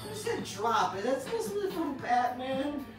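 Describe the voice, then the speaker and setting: Excitable woman gaming in an echoey room. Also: high-pitched, normal speed. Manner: excitable, bursts into shouts and laughter. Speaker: let's play gamer. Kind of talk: gameplay commentary. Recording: echoey room, distant mic, game music.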